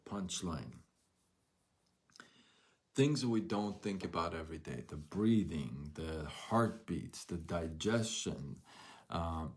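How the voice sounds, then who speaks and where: Slow, deep-voiced man musing aloud. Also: darkish tone. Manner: reflective, storytelling with rhetorical questions. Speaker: host. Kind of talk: motivational live talk.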